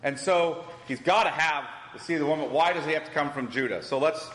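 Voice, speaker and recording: A man's voice: on the high side, fairly quick, fairly bright tone. A man teaching a Bible class, asking the group questions and repeating their answers. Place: church hall. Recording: echoey hall with long reverb.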